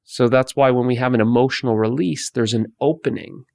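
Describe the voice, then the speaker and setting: A man teaching about emotions in a slow, repetitive way, often restarting his sentences. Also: mid-range voice, fairly even intonation, creaky, a little mellow, no echo. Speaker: meditation teacher. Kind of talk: spoken guidance talk.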